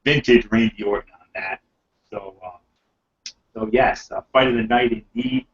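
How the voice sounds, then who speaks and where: A man's voice: on the low side, fairly even intonation, measured pace, husky, highs cut off. A man hosting a casual wrestling podcast, rambling with lots of fillers as he recaps matches enthusiastically. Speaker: podcast host reviewing wrestling.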